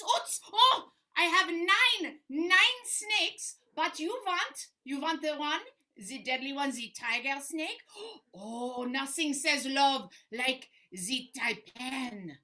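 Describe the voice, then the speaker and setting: A woman improviser plays a sly, murmuring shopkeeper. Her voice is high and bright. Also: lively intonation, slow. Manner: sly, hushed shopkeeper character. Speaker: improv player. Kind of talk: improv comedy scene.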